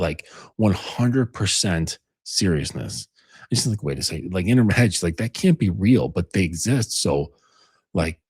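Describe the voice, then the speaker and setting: A man's voice: deep voice, a little mellow, husky, no room sound. A man coaching on dating in a rambling, casual monologue, full of fillers and acted-out quotes. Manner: rambling, filler-heavy, acts out quoted lines.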